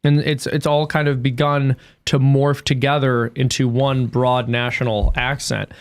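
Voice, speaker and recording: A man's voice: mid-range voice, flat delivery, unhurried, clear, resonant tone. An American man chatting as a podcast guest, musing aloud at length with many restarts. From United States. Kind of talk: casual chat.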